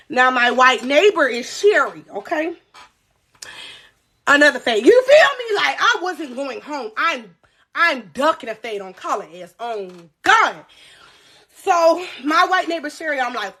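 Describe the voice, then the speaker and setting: A young woman telling a story on a phone livestream, animated and profane, talking straight to her viewers. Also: high-pitched, moderate pace.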